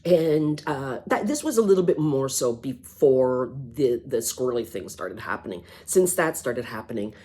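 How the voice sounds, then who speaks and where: A middle-aged woman telling a personal story in a vlog, halting and sighing, often restarting her words. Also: extremely low pitch, lively intonation, warm tone, husky. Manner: halting, repeats words, sighs. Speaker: vlogger.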